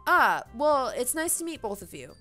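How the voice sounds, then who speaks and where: A woman's voice: sits high, sing-song, moderate pace, sharp tone, soft background music, pitched above the performer's own voice, exaggerated voice. A woman voicing a timid, mature teenage schoolgirl in a game. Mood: shy.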